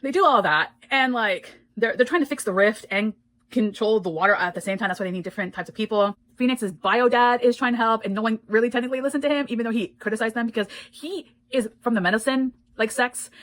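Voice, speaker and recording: A woman's voice: a little high, a bit bright, poor audio. A woman giving a casual spoken book review, retelling the plot in a blunt, indignant way and swearing freely.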